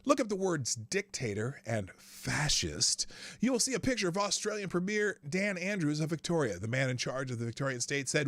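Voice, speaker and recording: A man's voice: a little high, big pitch swings, brisk, fairly bright tone, dry recording. A man hosting a live news commentary stream, ranting sarcastically, swearing freely and laughing between sentences. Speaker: show host.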